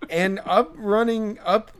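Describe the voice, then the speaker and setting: This young podcast host has a high-sitting, smooth voice with fairly even intonation, and he takes things slowly. He rambles through a story in casual chat, with frequent fillers and restarts, laughing along.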